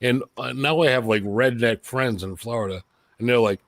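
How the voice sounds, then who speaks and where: A man's voice: medium pitch, moderate pace, fairly bright tone. A man from New England with a light New England accent, hosting a live stream and bantering with jokes and swearing. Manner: joking, profane banter. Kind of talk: casual chat.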